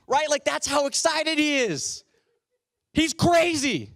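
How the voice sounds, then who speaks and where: A man's voice: extremely high pitch, expressive, normal speed, fairly bright tone, no room sound, studio quality. A man preaching a sermon as a teaching pastor, talking conversationally and asking the congregation rhetorical questions.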